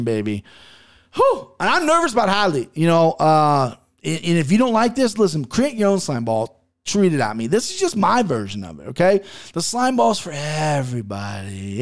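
A man hosting his own podcast, talking through his betting picks in a brash, profane, hyped-up way. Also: a little high. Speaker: podcast host giving fight betting picks. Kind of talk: casual solo podcast talk.

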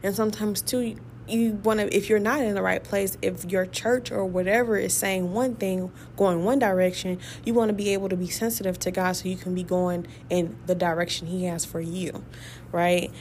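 A woman giving a casual, excitable Bible study talk, emphatic and conversational, who piles up rhetorical questions. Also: mid-range voice, normal speed, slight background noise. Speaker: Bible teacher.

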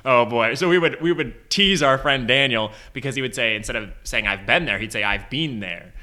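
A man's voice: medium pitch, a little fast, bright, forceful tone. A man hosting a casual podcast, laughing often and chiming in with short reactions. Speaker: podcast host.

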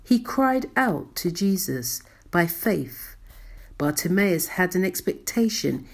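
A woman preaching a devotional sermon to listeners in a measured, emphatic way. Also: on the low side, sing-song, gravelly. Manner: slow, measured, emphatic delivery.

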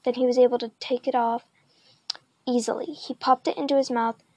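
A woman reading a children's book aloud in a plain, unhurried way, with small slips. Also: a little high, little pitch movement, dark tone, no room sound. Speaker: audiobook reader.

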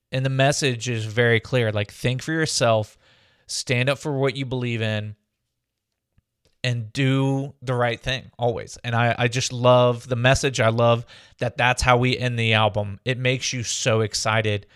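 Male podcast host, mid-pitched, excited and talkative, close and dry. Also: smooth, no room sound. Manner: enthusiastic, chatty, says "man" often. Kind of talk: casual album review.

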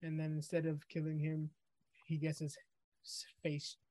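A man's voice: on the high side, monotone, moderate pace, dark tone. A man co-hosting a podcast, casually recapping an anime episode and acting out the characters' lines as he goes. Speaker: podcast co-host.

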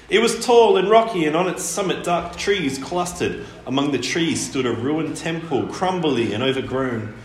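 Expressive man reading a storybook aloud. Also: mid-range voice. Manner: expressive, lively. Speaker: audiobook reader. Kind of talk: storybook narration. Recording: roomy echo, faint noise.

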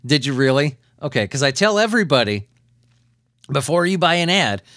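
A man's voice: a little high, very animated, moderate pace, fairly bright tone, no room sound, studio quality. A man hosting a comedy news podcast, riffing on stories in a loose, profane, rambling way with frequent chuckles. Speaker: podcast host.

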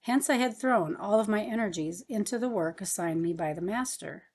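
A woman narrating a story in a measured, earnest reading voice. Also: mid-range voice, lively intonation, a little mellow, breathy edge. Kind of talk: audiobook narration.

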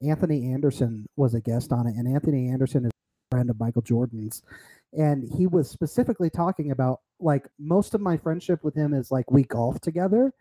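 A man's voice: mid-range voice, brisk, dark tone, no echo, rough recording. A young man co-hosting a casual comedy podcast, teasing his partner, telling stories and laughing often. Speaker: podcast co-host.

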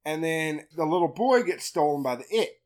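A woman hosting a podcast, retelling a movie in a crude, profanity-heavy, animated way. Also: deep voice, moderate pace. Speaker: podcast host. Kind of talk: casual comedic movie recap.

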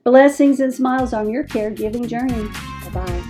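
A woman's voice: a little high, normal speed, dark tone, faint music behind. A middle-aged woman with a Southern US accent gives folksy, direct advice to caregivers as a dementia care educator.

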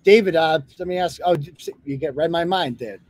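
A man's voice: on the high side, moderate pace, a little mellow. A man hosting a live talk show, chatting casually, bluntly and with plenty of swearing. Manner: blunt, swears freely, rambling. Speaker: host.

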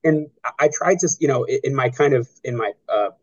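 A novelist in his thirties answering interview questions, talking in a halting way with frequent restarts and fillers. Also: medium pitch, a little mellow, dull audio. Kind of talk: conversational interview.

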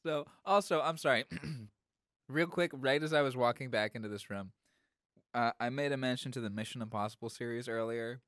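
A man co-hosting a podcast in casual chat, animated and thoughtful. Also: medium pitch, moderate pace, no room sound, clean studio sound. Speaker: podcast co-host.

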